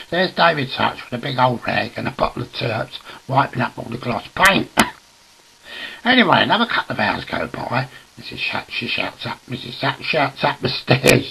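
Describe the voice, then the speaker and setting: Older raconteur, bright gravelly voice, rambling and giggly, swears freely. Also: male voice, mid-range voice, rough recording. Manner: chuckles through his words, swears freely. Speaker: storyteller. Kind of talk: casual anecdote to camera.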